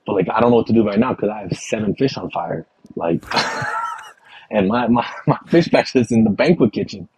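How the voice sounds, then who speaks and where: A young man from Texas, a chef, telling a lively kitchen story in casual chat with many fillers and acted-out quotes. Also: on the low side, normal speed, rough recording. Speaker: chef guest.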